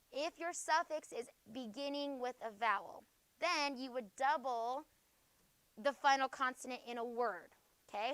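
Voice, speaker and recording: A woman's voice: fairly high pitch, a bit bright, no room sound. Woman teacher checking "okay?" constantly. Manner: checks in with "okay?" after nearly every phrase. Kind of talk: classroom spelling lesson. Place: classroom.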